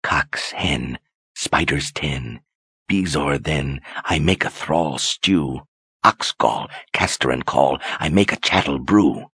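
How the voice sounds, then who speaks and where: A man voicing an old witch slowly chanting a rhyming spell, throaty and rhythmic. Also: extremely low pitch, fairly bright tone, breathy edge, no echo, studio quality, exaggerated voice.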